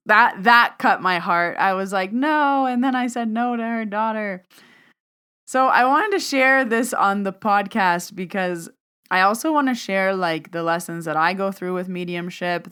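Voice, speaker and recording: A woman's voice: mid-range voice, unhurried, bright, forceful tone, clean tone. A woman hosting a podcast, telling a personal story in a casual, chatty way, full of "like" and acted-out back-and-forth dialogue. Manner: chatty, peppered with "like", acts out quoted exchanges. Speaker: podcast host and medium.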